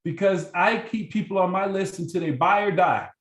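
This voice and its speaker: A man's voice: sits high, moderate pace, reverberant, recorded from a distance, poor audio. A man leading a sales team training, coaching with energy and acting out sample phone calls. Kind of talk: motivational training talk.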